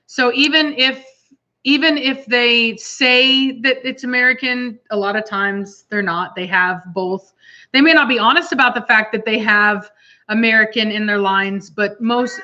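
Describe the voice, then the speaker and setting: A woman with a Texan accent, a dog breeder co-hosting a casual chat, telling a rambling, animated story full of quoted asides. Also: medium pitch, moderate pace, muffled recording.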